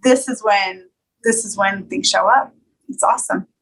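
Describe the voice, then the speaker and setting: A woman's voice: mid-range voice, moderate pace, gravelly, poor audio. A woman hosting a wellness podcast, affirming her guest and summing up ideas in casual talk. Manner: warm affirming interviewer. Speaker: podcast host. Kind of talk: casual interview, then scripted outro.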